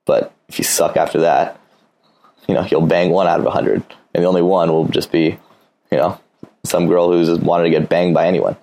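A man's voice: low-pitched, fairly even intonation, moderate pace, gravelly, dark tone, rough recording. A man giving casual dating advice, blunt and profane, acting out little dialogues.

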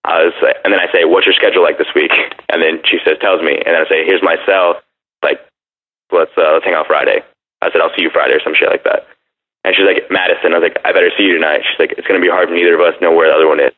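A man's voice: low voice, fairly even intonation, rapid-fire. A man in casual chat, telling a brash dating story and acting out text messages. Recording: phone-like narrow sound.

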